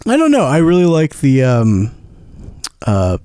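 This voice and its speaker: A male comedy show host ranting in a rambling, excitable way, swearing constantly and tripping over his words. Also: mid-range voice, a little slow, faint music behind.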